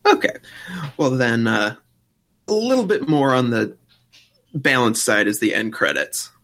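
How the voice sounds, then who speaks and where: Male co-host, casual, bright forceful tone, mid pitch, blunt and dry. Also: big pitch swings, a little slow. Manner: dry, blunt opinions, imitates music sounds. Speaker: podcast co-host reviewing a film score. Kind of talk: casual chat.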